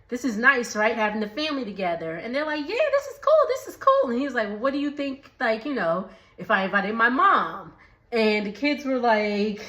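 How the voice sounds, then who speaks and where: A woman's voice: mid-range voice, sharp tone, echoey room. A woman giving a chatty recap of a reality show, laughing often and mimicking the people she quotes. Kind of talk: casual recap vlog.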